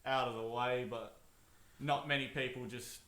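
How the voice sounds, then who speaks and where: A man's voice: mid-range voice, fairly even intonation, moderate pace, bright, forceful tone, roomy sound. A man telling a story on a casual podcast, rambling with plenty of ums and likes. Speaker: podcast co-host.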